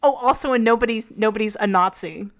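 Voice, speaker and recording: A woman's voice: a little high, fast talker, a bit bright. Brief: woman podcast co-host, casual and frank, chatty with fillers.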